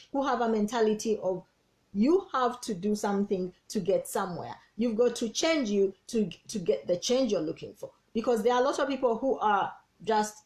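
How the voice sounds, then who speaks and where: A woman, a business coach giving an energetic, persuasive team training talk and repeating key words. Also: mid-range voice.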